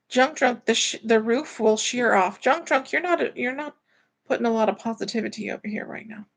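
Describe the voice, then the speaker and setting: A woman's voice: on the high side, brisk, vocal fry. A woman hosting a casual live stream from home, chatting in a rambling way and reading viewer comments aloud. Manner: rambling and chatty, with many fillers. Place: at home, indoors.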